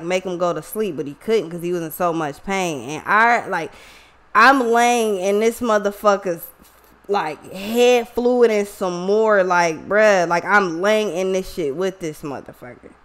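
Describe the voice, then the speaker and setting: A woman telling a personal story to her viewers in a casual, emotional, profanity-heavy way. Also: fairly low pitch. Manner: profane, emotional, slangy, talks to viewers directly. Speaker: online reader and vlogger.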